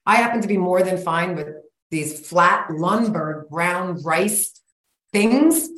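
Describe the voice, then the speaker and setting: A woman in her forties, a guest coach speaking in a blunt, energetic, folksy way in a casual interview. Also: fairly low pitch, takes it slowly. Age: 40s. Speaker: guest, sugar-cravings coach. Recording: roomy echo.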